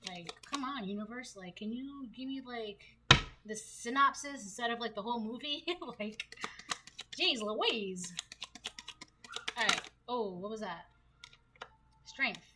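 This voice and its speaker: A woman's voice: fairly high pitch, animated, measured pace, pauses often, heavy background noise. A woman giving a casual tarot reading, chatty and slangy, often laughing between points. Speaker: tarot reader.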